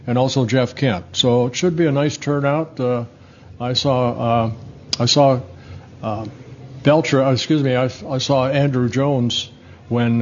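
A man in his seventies from the Netherlands, a former pitcher telling rambling, self-correcting stories in an interview. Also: a little mellow, dull audio, slight background noise. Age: 70s. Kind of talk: casual storytelling interview.

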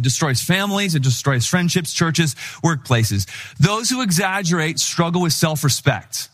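A middle-aged male pastor preaching a sermon, with a slightly high voice and a lively, chatty delivery. His pitch swings a lot as he acts out the people he quotes.

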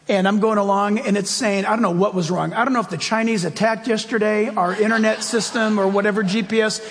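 A man preaching a sermon as pastor, animated and storytelling, with sudden swings in his voice. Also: sits high, in a large hall.

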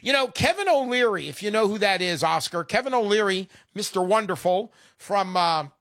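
A man's voice: high voice, animated, brisk, fairly bright tone, dry recording, clean studio sound. A man in his fifties hosting a call-in radio show, chatty and openly emotional.

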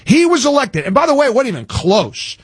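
Animated husky talk radio man. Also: extremely high pitch, a little fast, no echo, studio quality. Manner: animated, emphatic, frequent restarts. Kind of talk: political talk radio chat.

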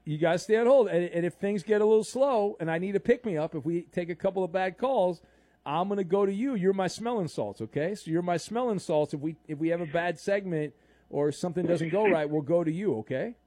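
A man's voice: sits high, fairly quick, dark tone, no room sound. A man hosting sports talk radio, playful and wisecracking as he takes calls and reads the news.

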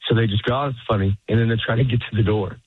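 A man's voice: fairly low pitch, level tone, very fast, slightly rough, no echo. Laughing man on a tinny line. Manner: rambling, laughs often, acts out quotes. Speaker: stand-up comedian, guest. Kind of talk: casual interview chat. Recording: dry phone-like sound.

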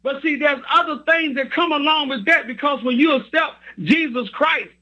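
A man's voice: very high voice, normal speed, pushed and bright, muffled recording. A man preaching a sermon, reading scripture and repeating his points with emphasis.

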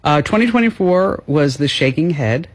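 A woman's voice: low-pitched, expressive, normal speed, husky. A woman hosting a radio show, chatting playfully and laughing often. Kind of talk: casual chat.

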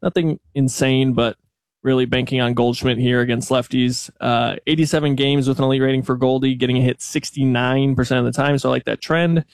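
Gravelly man rattling off stats. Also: medium pitch, steady tone, a little fast, no echo, clean studio sound. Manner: dense, stat-heavy rundown with fillers. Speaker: baseball stats analyst. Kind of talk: casual sports talk.

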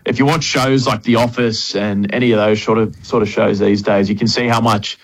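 A man's voice: on the low side, steady tone, a little fast, rough recording. A man reviewing a film on a radio show, explaining the plot eagerly with frequent restarts. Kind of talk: casual radio chat.

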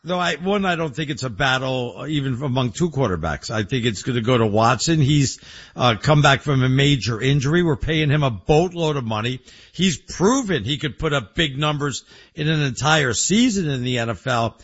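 A man's voice: medium pitch, animated, normal speed, breathy edge, muffled recording. A man co-hosting a sports radio show, joking and teasing in casual banter.

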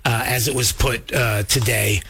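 Man, commentary host, casual and chatty, bright husky tone. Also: mid-range voice, steady tone, measured pace. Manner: casual, lots of uh fillers, talks to viewers. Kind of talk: political commentary.

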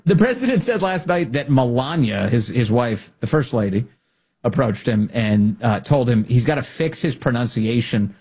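A man's voice: medium pitch, expressive, brisk, a little mellow, slightly rough. A male talk show host giving casual political commentary, joking and candid, often restarting his sentences and laughing.

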